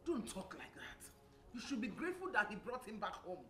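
A woman's voice: mid-range voice, wildly swooping pitch, a little fast, fairly bright tone. An actress playing a stern mother dealing with her drunk son in a drama.

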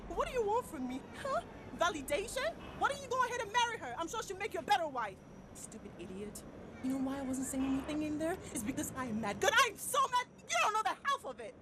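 Woman doing a mad girlfriend, sharp and sarcastic, high pitched and all over the place. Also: sing-song, quick pace, few pauses, very noisy. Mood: furious. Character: furious woman fighting with her partner.

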